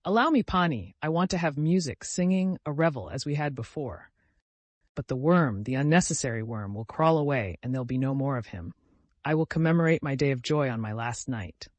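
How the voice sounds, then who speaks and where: Casual: guy playing a frantic young man blurting out speeches, loud and emotional, lively swings. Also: mid-range voice, a little fast, no room sound, close to an everyday voice. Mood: frantic, overwrought. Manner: loud, impassioned, breathless outbursts.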